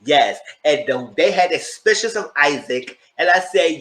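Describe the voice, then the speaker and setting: A man giving a chatty, animated recap of a TV episode and talking straight to his viewers. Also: on the high side, measured pace, reverberant. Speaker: TV show reviewer. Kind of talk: casual recap commentary.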